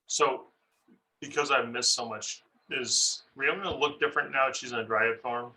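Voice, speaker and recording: A man's voice: mid-range voice, steady tone, moderate pace, sharp tone, husky, rough recording. A man playing in a tabletop game, blunt and direct in casual talk. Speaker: player.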